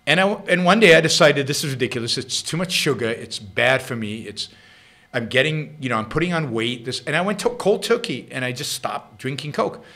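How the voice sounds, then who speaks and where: A man's voice: mid-range voice, expressive, brisk, sharp tone. A middle-aged man with an Israeli accent hosting his own show, answering listener questions in emphatic, unscripted commentary full of repeats and restarts.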